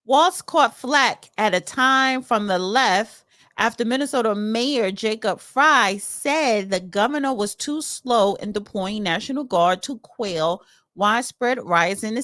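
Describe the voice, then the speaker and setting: A woman hosts a casual solo political commentary, chatting and reading news articles aloud with opinionated asides. Her voice is medium-pitched and fairly bright, recorded at studio quality with no room sound.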